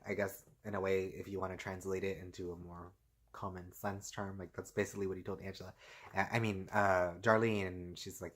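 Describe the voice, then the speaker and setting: A man's voice: low-pitched, steady tone, normal speed. Rambling casual man recapping a show. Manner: rambling, heavy filler "like" and "and stuff like this"; laughs often while talking. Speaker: TV episode recapper.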